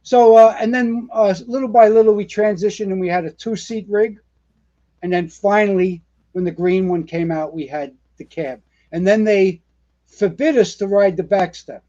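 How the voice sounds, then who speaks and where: A man's voice: sits high, moderate pace, lo-fi sound. A man, a retired fire captain telling stories in a casual interview, rambling with lots of fillers and restarts. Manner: animated storyteller, rambling with many fillers and restarts.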